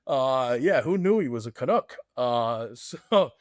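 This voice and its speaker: A man's voice: medium pitch, expressive, a little slow. A man co-hosting a podcast, telling stories in a loose, laughing, casual way. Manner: laid-back, laughs often, calls people man and brother. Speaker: podcast co-host. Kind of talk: casual chat.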